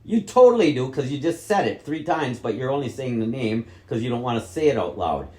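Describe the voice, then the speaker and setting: A man's voice: mid-range voice, fairly quick, darkish tone. A middle-aged man from Wisconsin angrily interrogating his mother, repeating questions and swearing heavily. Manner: angry, repetitive interrogating, heavy swearing. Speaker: vlogger confronting his mother. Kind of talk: heated family argument. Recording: echoey room.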